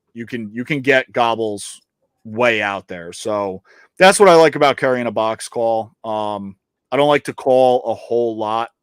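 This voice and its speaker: A man's voice: mid-range voice, clean tone, no room sound, clean studio sound. A man co-hosting a casual podcast chat, boastful and joking, swearing freely and trailing off into fillers. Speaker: co-host.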